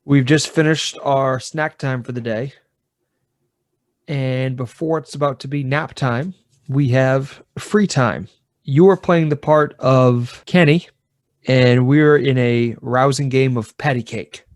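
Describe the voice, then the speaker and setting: A man playing a tabletop game on a podcast, describing scenes in a relaxed, casual way. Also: mid-range voice, slow pace, no room sound, studio quality. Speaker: player. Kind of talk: casual actual-play chat.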